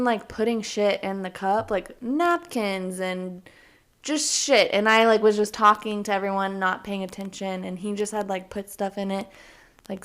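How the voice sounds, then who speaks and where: A young woman co-hosts a casual podcast in a mid-pitched voice. She tells lively stories and acts out the quotes with plenty of swearing. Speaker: podcast co-host. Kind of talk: casual chat.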